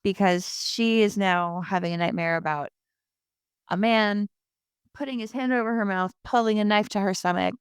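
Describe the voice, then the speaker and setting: A chatty podcast host with a New Jersey accent recaps an episode casually, full of sarcasm and asides. Her mid-range voice is smooth and clear at a moderate pace, and the close mic sounds completely dry.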